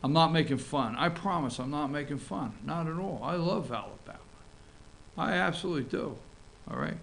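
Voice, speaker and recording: A North Georgia man hosts a live online morning show. He rambles and gets worked up, and his voice is bright and forceful. He keeps pressing his points with emphatic repeats. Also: fairly high pitch, expressive, moderate pace, creaky, slight background noise. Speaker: host.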